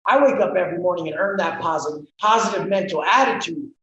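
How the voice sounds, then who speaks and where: A man guest on a podcast interview, talking bluntly and forcefully and swearing freely. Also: high-pitched, quick pace. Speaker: guest, fitness coach. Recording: roomy, dull sound with faint noise.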